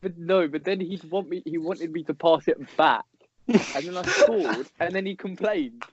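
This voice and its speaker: A young man co-hosting a podcast, telling a story in an animated, exasperated way. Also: high-pitched, normal speed, a crowd in the background. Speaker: podcast co-host. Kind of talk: casual storytelling chat. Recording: dull lo-fi podcast audio.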